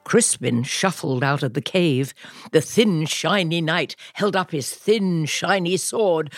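A woman host reading a picture book aloud to children in a slow, expressive storytelling voice. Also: low voice, no echo, clean studio sound. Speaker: children's podcast host and reader. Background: soft music.

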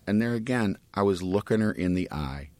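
A man's voice: fairly low pitch, expressive, fairly quick, darkish tone, no echo. A middle-aged man in casual chat, telling family stories in a rambling way with many restarts.

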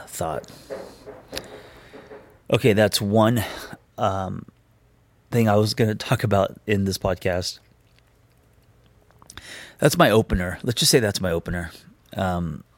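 A man in his thirties with a fairly low voice talks through a casual podcast monologue, candid and reflective, wandering a little with plenty of ums. He is recorded dry on a close mic, with no room sound around him. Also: no echo. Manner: candid and reflective, loosely rambling with frequent ums. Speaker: podcast host.

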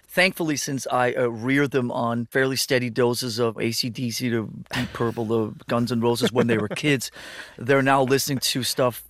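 A middle-aged man, a rock drummer being interviewed, relaxed and self-mocking, laughing often and talking while he eats. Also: medium pitch, normal speed, no room sound, studio quality. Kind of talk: casual interview chat.

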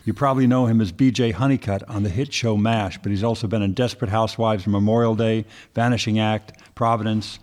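A man's voice: on the low side, fairly even intonation, brisk, few pauses, darkish tone. Easygoing male podcast co-host. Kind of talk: casual podcast chat.

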